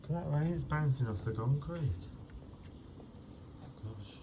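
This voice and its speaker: A man's voice: fairly high pitch, expressive, a little slow. A man, talking to his dog at home, soothing and repeating himself. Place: indoors at home during a thunderstorm. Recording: noisy home recording with rain. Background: heavy rain.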